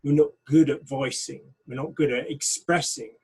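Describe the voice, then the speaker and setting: A man, a pastor, talking frankly and thoughtfully in a casual discussion, getting animated when he quotes people. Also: mid-range voice, normal speed, husky, rough recording.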